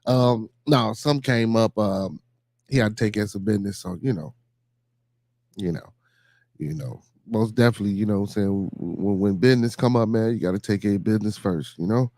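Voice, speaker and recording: A man with a Chicago accent hosting a solo podcast in a relaxed, chatty way, repeating shout-outs and leaning on fillers. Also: fairly low pitch, moderate pace, no room sound. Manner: laid-back, repetitive shout-outs and fillers. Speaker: podcast host. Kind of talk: casual solo podcast chat.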